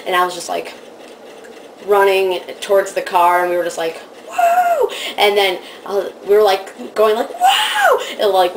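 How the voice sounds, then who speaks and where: Woman vlogger, casual storytelling, gushing and excitable, squeaky quoted voices, faint background noise. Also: low-quality recording.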